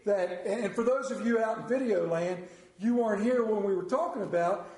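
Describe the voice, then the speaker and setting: High-pitched pastor preaching in an echoey church. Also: male voice, moderate pace. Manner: animated storytelling, acts out voices, asks the congregation questions. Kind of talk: sermon.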